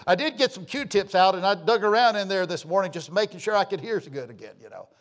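A fiery preacher in his sixties with a high, ringing voice. He reads scripture slowly and with force, then drops to hushed, low asides and rises again to near shouts. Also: lively intonation. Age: 60s. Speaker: pastor. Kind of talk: sermon.

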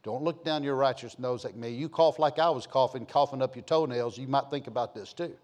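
A man's voice: mid-range voice, brisk, darkish tone. A middle-aged man preaching a sermon, telling folksy stories and rising to emphatic points. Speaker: pastor.

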